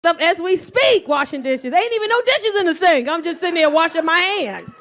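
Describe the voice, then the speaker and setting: A woman's voice: very high voice, brisk, reverberant, distant mic. A woman in her thirties doing profane stand-up storytelling, acting out voices in her stories on a club stage. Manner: animated, profane, acts out voices in quotes. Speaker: stand-up comedian. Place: comedy club stage with live audience. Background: audience laughter.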